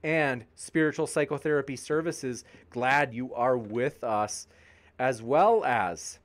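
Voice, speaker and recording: A man's voice: mid-range voice, takes it slowly. A man hosting a live debate stream, reading viewer comments aloud and answering them with upbeat, jokey banter. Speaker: debate channel host.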